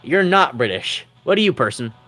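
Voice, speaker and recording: A man's voice: medium pitch, very animated, moderate pace, fairly bright tone, faint music behind. A man chatting with his livestream audience in a teasing, rambling way, laughing often. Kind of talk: casual livestream chat.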